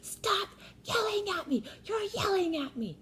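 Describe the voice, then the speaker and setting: A woman voicing her young son, a literal-minded boy who protests loudly and keeps repeating himself. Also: extremely high pitch, sing-song, unhurried, a little hiss or hum, pitched above the performer's own voice, exaggerated voice. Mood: indignant.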